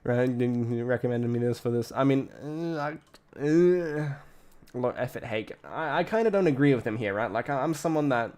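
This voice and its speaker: A man's voice: medium pitch, expressive, normal speed, a little mellow. An Australian man streaming from a home setup, talking casually in a rambling, profane way that keeps breaking off mid-thought. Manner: rambling, profane, self-interrupting. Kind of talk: casual live-stream commentary.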